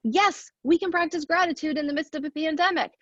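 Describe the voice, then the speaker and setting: A woman's voice: high-pitched, fairly quick, fairly bright tone, no room sound, dull audio. A woman giving an earnest motivational talk, asking rhetorical questions and counting off her points. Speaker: speaker at a women's leadership event.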